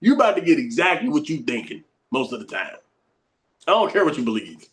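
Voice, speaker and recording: A man's voice: high-pitched, very animated, moderate pace, pauses often. A man teaching a lesson, reading passages aloud and explaining them in an emphatic, conversational way. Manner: emphatic and conversational, repeats points, laughs.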